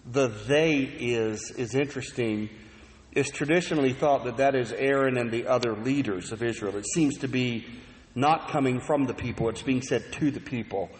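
A man preaching a sermon, telling stories earnestly, with emphatic rises and soft asides. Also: mid-range voice. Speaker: pastor. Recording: long hall reverb.

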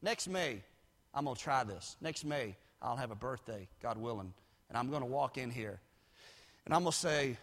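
A male pastor preaching a sermon, swinging from quiet asides to shouted peaks. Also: lively intonation, normal speed. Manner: builds from low asides to shouted climaxes. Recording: long hall reverb.

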